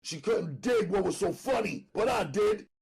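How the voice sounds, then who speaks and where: A man narrating an audiobook dramatically, loud and emphatic, often near shouting. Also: sits high, animated, moderate pace, creaky, husky.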